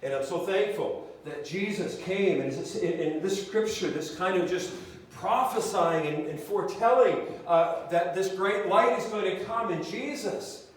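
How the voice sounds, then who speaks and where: A man preaching a sermon as pastor, speaking haltingly with many restarts and fillers. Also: high voice. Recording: echoey hall, mic at a distance.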